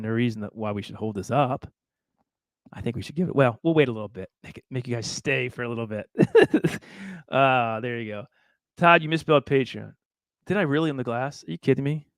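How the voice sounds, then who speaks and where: A man's voice: medium pitch, no echo, studio quality. Rambling, chatty male livestream host. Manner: chatty, rambling, laughs and repeats himself. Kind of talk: casual livestream chat.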